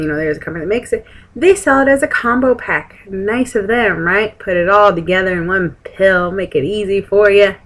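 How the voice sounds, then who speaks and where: A woman's voice: mid-range voice, fairly bright tone, poor audio. A young woman, chatting frankly to camera at a friend's house, rambling with sarcastic asides. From Texas. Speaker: vlogger. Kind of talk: casual chat to camera.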